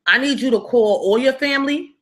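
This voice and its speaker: A menacing, jealous young man with a gun, cursing and issuing threats, as a woman storyteller puts him on. His voice stays bright and forceful even in the threats. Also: high voice, fairly quick, pitched above the performer's own voice. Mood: threatening.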